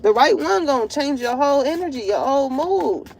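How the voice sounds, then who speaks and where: A woman with a high voice gives a casual tarot reading straight to her viewers. Her delivery is animated and full of slang, and laughter keeps breaking through. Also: brisk, gravelly. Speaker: tarot reader.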